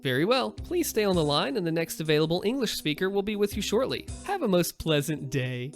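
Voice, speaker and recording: A man's voice: sits high, big pitch swings, fairly quick, soft background music. A man playing a sly, overly polite call agent. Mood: mock polite. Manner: overly courteous, formal phrasing.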